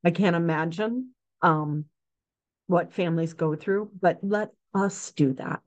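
A woman's voice: fairly low pitch, a little slow. A woman in her forties, a neonatal nurse practitioner, telling stories frankly in a casual interview and acting out what people said. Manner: frank, animated, acts out quotes, many fillers. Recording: dull lo-fi sound.

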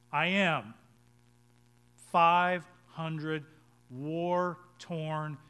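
Man preaching a rising, falling sermon. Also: clear, resonant tone. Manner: builds to loud emphatic peaks, then drops low and quiet; reads scripture aloud and explains it. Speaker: pastor.

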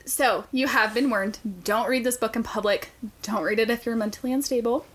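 Woman co-host with a raised pitch. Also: a little fast. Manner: profane, animated storytelling. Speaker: podcast co-host. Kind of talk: casual book chat. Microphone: podcast mic.

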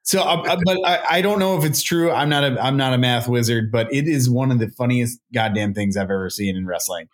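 A man co-hosting a podcast in casual chat, telling jokey stories in an animated way. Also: medium pitch, brisk, hardly any pauses. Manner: animated, swooping, jokey storytelling. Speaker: podcast co-host.

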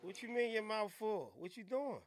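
A man's voice: sits high, expressive, moderate pace, background noise. A man hosting a podcast, playful and teasing in slangy casual chat. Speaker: podcast host.

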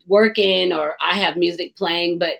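A woman's voice: fairly low pitch, measured pace, gravelly. A woman hosting a radio talk show, chatting openly and expressively and laughing easily.

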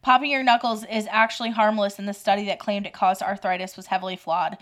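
A woman's voice: mid-range voice, little pitch movement, fast, fairly bright tone. A woman podcast co-host reading myths and facts off a list, with short dry reactions. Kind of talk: casual chat, reading out facts.

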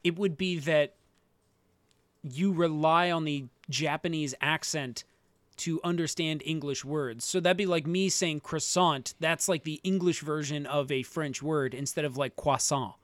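A man's voice: on the high side, a little slow, no room sound. A young man co-hosting a podcast in casual chat, rambling through explanations and correcting himself as he goes. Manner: rambling, self-correcting explanations with frequent likes. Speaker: podcast co-host.

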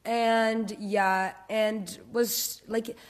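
A woman's voice: fairly high pitch, little pitch movement, extremely slow. A young adult woman talking candidly and rambling in casual podcast chat, with many filler words. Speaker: podcast host or guest.

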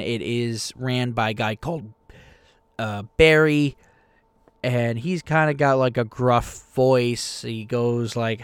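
Excitable young man hosting his game podcast. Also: medium pitch, clean tone, no echo. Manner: rambling, excitable, self-deprecating. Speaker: podcast host and game master. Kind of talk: casual podcast chat.

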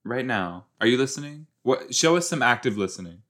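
A man hosting a casual watch-along podcast, chatty and excitable, talking back at the screen as he reacts to a TV episode. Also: medium pitch, fairly quick.

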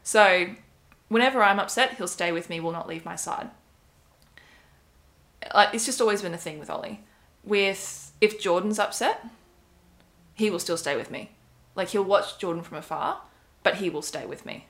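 Young woman, chatty storyteller, fairly low voice, rambling with fillers. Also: moderate pace, pauses often, fairly bright tone. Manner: chatty, rambling, many fillers and quoted asides. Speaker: podcast co-host. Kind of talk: casual storytelling chat.

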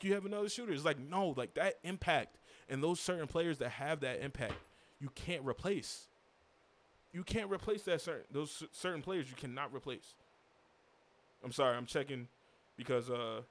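A man's voice: mid-range voice, a bit bright. A young man hosting a solo sports recap, ranting as a frustrated fan with stumbling restarts and repeated rhetorical questions. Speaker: sports podcast host.

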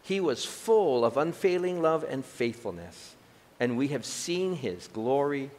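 Male pastor, lively and chatty sermon delivery, voice ringing in a reverberant hall. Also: mid-range voice, measured pace. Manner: animated, conversational preaching with asides.

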